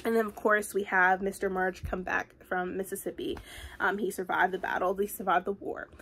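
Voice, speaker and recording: A woman reviewing a book in a casual vlog, talking in a chatty, rambling way full of fillers, with animated asides. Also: mid-range voice, normal speed, slightly rough. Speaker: book vlogger.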